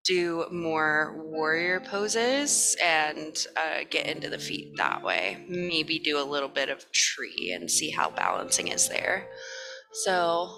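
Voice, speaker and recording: A woman teaching a morning yoga class, chatting casually and then giving calm, relaxed breathing cues. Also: lowish voice. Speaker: yoga instructor.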